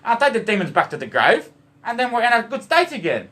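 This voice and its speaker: This Australian vlogger's voice is very high, with wildly swooping pitch, and he talks briskly in a pushed, bright way. Rambling to camera, he swears all the time, plays loosely with words about love and emotion, and often addresses "boys."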